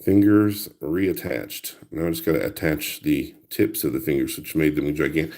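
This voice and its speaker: Speaking at a moderate pace with few pauses, this crafting-video host has a bass voice and a darkish tone. He keeps up playful, casual chatter, talks to himself as he works, and occasionally hums a tune.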